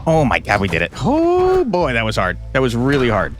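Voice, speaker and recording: A man doing let's-play commentary on a martial arts game, barking quick moves and mock-insulting his own character. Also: lowish voice, lively intonation, background noise. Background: game music.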